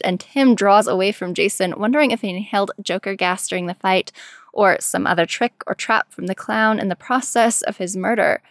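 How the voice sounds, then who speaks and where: A woman reading a story aloud in a slow, measured storytelling manner. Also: medium pitch, a bit bright, no echo, studio quality. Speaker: narrator. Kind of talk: fan fiction reading.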